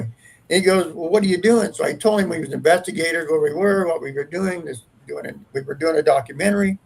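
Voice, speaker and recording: A man's voice: fairly high pitch, fairly quick, gravelly, slight background noise, rough recording. A man, a paranormal investigator, telling a long ghost story in a rambling, earnest, casual way.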